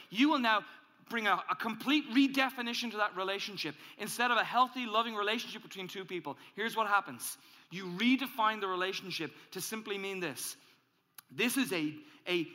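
A male pastor preaching a sermon, animated and emphatic, acting out angry inner voices as he builds. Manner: animated, acts out angry inner voices, rises in pitch and volume when emphatic. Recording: hall reverb.

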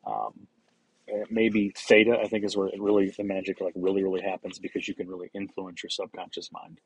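A man's voice: sits low, a little fast, vocal fry, husky, dry recording, low-quality recording. A man hosting a solo podcast, talking casually in a rambling way with many fillers, restarts and casual swearing. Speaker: podcast host.

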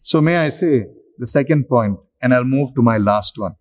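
A man preaching a sermon, slow and emphatic, with long pauses for effect. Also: mid-range voice.

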